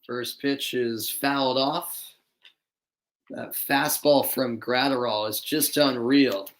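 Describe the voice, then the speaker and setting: A man's voice: medium pitch, fairly even intonation, slow pace, a bit bright. A man from Boston doing live play-by-play commentary, chatting with viewers between plays. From Boston, USA. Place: dimly lit room at home.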